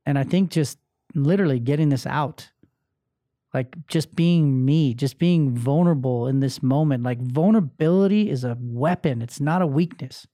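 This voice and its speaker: A man's voice: mid-range voice, normal speed, dark tone, no room sound, clean studio sound. A man hosting a solo motivational podcast, talking bluntly and with plenty of swearing about a bad day and feeling angry. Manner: blunt, profane, emotionally open. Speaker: podcast host.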